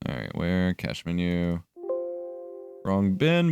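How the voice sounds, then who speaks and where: Young guy on stream, kinda low voice, swings his pitch around a lot, swears. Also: moderate pace, faint music behind. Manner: animated, swears, thinks aloud. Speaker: livestreamer editing video. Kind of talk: casual live-stream chat.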